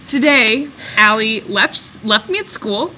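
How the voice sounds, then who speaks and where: A woman's voice: fairly high pitch, expressive, slow, noisy background. A young woman chatting and telling a story playfully as a vlog co-host. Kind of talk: casual chat.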